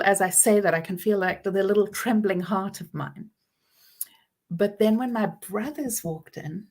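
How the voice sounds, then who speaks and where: A woman in her forties giving a personal talk about trauma, earnest and reflective, with soft pauses and gentle emphasis. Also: mid-range voice, a little hiss or hum. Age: 40s. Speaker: speaker on trauma and healing.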